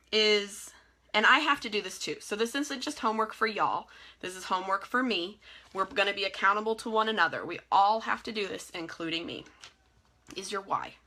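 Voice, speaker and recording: Bright, upbeat woman. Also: medium pitch. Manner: energetic, encouraging, chatty with frequent laughs. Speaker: team leader giving a live training. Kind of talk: casual motivational talk. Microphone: phone or webcam in a live video.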